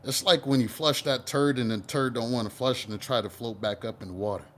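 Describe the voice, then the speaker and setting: A man giving a casual tarot reading, animated and profane, teasing the listener and slipping into playful voices. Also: medium pitch, fairly quick, a little hiss or hum. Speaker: tarot reader.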